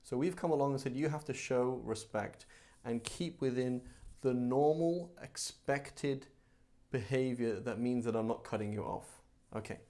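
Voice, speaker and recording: A man's voice: medium pitch, a little slow, warm tone. Conversational male religion teacher. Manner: chatty, conversational, with frequent asides and rhetorical questions. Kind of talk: casual religious class.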